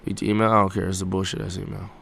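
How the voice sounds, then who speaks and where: A man's voice: low voice, level tone, rapid-fire, vocal fry, fairly bright tone, slight background noise. A male streamer reacting to clips in casual, incredulous commentary, swearing and using slang.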